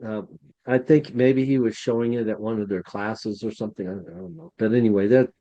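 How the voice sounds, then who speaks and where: A man's voice: fairly low pitch, fairly even intonation, brisk, dark tone, highs cut off. A man co-hosting a podcast, telling a chatty, rambling story and acting out the dialogue. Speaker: podcast co-host, museum curator. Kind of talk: anecdotal storytelling.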